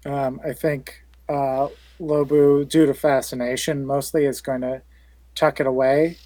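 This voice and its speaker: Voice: mid-range voice, flat delivery, unhurried, mellow, dry recording. Hesitant, playful tabletop player, dry sound. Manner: hesitant, many fillers and restarts, playful. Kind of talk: tabletop game play, describing character actions.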